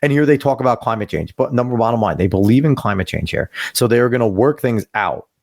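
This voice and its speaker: A man's voice: medium pitch, expressive, fast talker, darkish tone, dry recording, studio quality. A man co-hosting a podcast over a video call, ranting emphatically with profanity and sudden rising outbursts. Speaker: podcast co-host. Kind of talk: casual opinion podcast chat.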